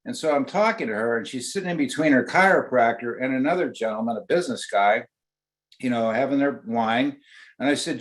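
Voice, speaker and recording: A man's voice: medium pitch, fairly quick. An older man, an oral surgeon guest on a webinar, telling a long anecdote in a chatty way. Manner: chatty anecdotal storyteller with many fillers and restarts. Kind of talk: storytelling in a webinar.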